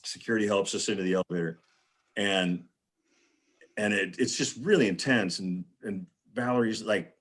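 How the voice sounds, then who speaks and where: A man's voice: on the low side, normal speed, fairly bright tone, husky. A man on a live video panel telling a rambling, casual anecdote and acting out what people said. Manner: rambling storyteller, acts out quotes. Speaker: panel guest. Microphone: video call.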